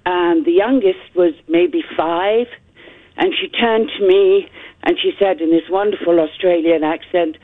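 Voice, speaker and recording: A woman's voice: fairly low pitch, a little slow. An older woman, calling in to a radio show and telling a story. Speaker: caller. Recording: tinny phone line.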